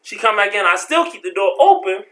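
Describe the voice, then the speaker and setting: A man telling a story from his life in a casual vlog, slangy and animated, acting out the people in it. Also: high-pitched, brisk. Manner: animated, slangy, acts out voices.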